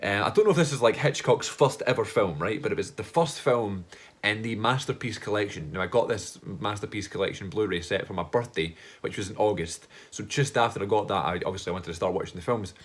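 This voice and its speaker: A man's voice: on the low side, a little fast. A man hosting a casual film vlog, talking in a rambling, enthusiastic way with loose slang and the odd swear word. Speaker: film vlogger and podcast host.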